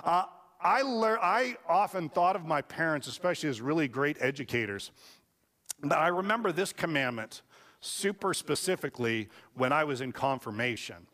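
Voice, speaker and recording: A man's voice: a little high, expressive, moderate pace, a bit bright. A man preaching a sermon as a pastor, telling stories in a casual, joking way. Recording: long hall reverb.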